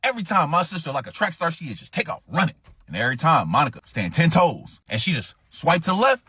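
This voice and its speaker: A man telling a story in a casual storytime, animated and profane, acting out what others said. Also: a little high, quick pace, husky, no echo.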